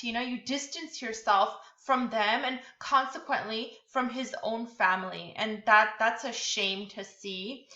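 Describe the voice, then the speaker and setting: A bright-voiced woman gives a relaxed tutorial, talking through her slides with lots of fillers and little restarts. Her voice sits a bit high. The sound is echoey and dull, like a lo-fi room recording. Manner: chatty, many fillers and restarts. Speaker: literature tutor. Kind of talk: casual lecture over slides.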